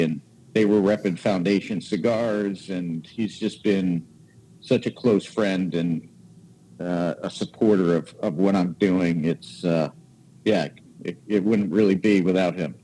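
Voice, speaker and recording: A man in his forties with a low, deep voice, telling a story on a podcast in a loose, casual way. He gets animated and acts out the voices of the people in his stories. A faint room ambience sits behind him. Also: slight background noise, rough recording. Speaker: podcast guest, cigar maker.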